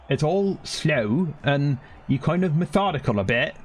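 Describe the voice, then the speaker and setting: A young British man with a London accent chats casually while streaming gameplay, his voice slightly high and expressive at a normal pace with few pauses. He rambles, interrupts himself, and reacts to the game mid-sentence, over slight background noise.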